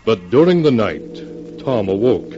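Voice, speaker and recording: A man narrating an old radio drama in a measured, grave manner, on a dull lo-fi recording with faint music behind. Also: on the low side, big pitch swings, noisy background. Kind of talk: scripted narration.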